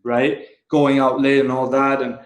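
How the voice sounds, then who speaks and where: A young man from Egypt tells candid personal stories as a podcast guest, mid-pitched and confessional, often restarting his sentences. His voice has a roomy echo around it. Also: flat delivery, a little slow. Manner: reflective and confessional, with frequent restarts.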